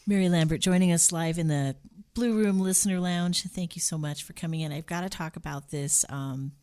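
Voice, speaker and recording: A woman's voice: fairly low pitch, a little fast, a little mellow. A woman radio host interviewing a guest in the studio, upbeat and enthusiastic. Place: radio station studio lounge.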